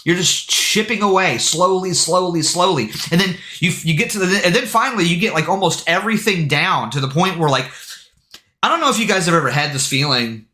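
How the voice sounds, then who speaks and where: A man streaming live, telling a story in an excitable way, full of swearing and filler words. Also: sits high, fairly quick. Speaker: game streamer. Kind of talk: casual livestream storytelling. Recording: echoey room.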